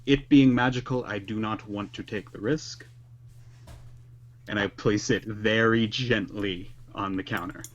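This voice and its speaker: A man's voice: on the low side, fairly even intonation, measured pace, lo-fi sound. A man playing his character in a tabletop game over a call, polite and earnest with careful phrasing. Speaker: player.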